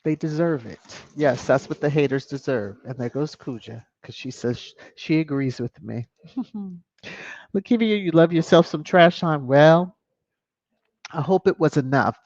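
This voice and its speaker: A live stream host chatting casually and reading out viewer comments, animated and quick to laugh. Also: mid-range voice, no room sound. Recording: dull lo-fi dry stream audio.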